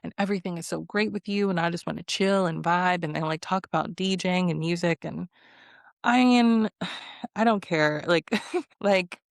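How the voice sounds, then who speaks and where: Woman ranting through a reality show recap, lowish voice, cusses a lot, laughs, dry close mic. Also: normal speed, creaky, dry recording. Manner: animated, exasperated, swearing, laughing, quoting people. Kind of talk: casual recap commentary.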